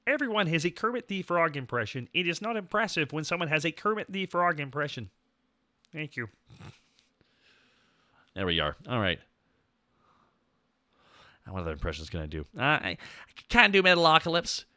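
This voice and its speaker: A man's voice: fairly high pitch, normal speed, long pauses, no room sound, studio quality. A man streaming casually, chatting and trying out cartoon impressions. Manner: animated, jumps into character voices.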